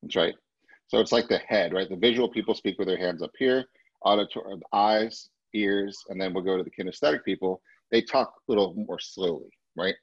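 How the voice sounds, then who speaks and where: A husky, low-pitched man leads a sales training class, stressing his points and slipping into a higher voice when he quotes clients. The sound is dry and dull, like a lo-fi video call. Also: fairly quick, no echo. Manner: emphatic, acts out client quotes in a much higher voice. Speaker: real estate sales trainer.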